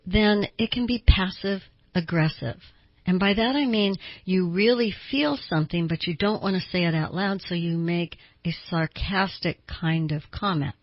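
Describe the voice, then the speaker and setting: A woman's voice: on the low side, husky, dry recording, dull audio. A woman therapist hosting a radio talk show, explaining things earnestly with small laughs.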